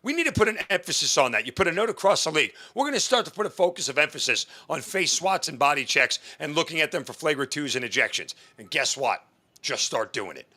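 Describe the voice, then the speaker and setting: A man's voice: a little high, sing-song, quick pace, few pauses, sharp tone. A man on a sports talk show, ranting emphatically and indignantly about a league's failures.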